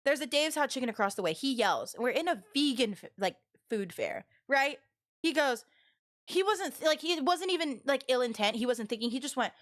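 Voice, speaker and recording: A young woman streaming live, telling rambling stories to her chat in a loud, animated way with lots of fillers. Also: high voice, a little fast. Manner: loud and expressive. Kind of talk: casual storytelling to a live chat.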